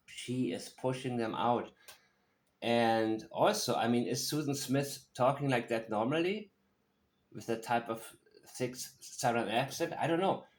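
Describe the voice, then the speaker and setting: Man commentator, slow and deliberate, analytical, room echo on the voice. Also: medium pitch. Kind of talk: true-crime video commentary. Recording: roomy echo.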